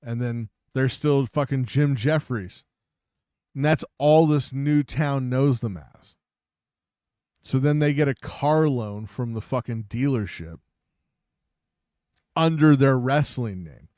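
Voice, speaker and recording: A man's voice: medium pitch, slow, long pauses, mellow, no echo, studio quality. A man co-hosting a casual podcast with profane, mocking banter. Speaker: podcast co-host. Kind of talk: casual chat.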